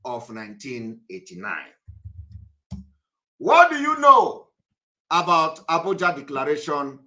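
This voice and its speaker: Animated, bright-voiced broadcast host. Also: male voice, fairly high pitch. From Nigeria. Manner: emphatic, repeats lines, scolds listeners. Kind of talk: live broadcast talk to viewers.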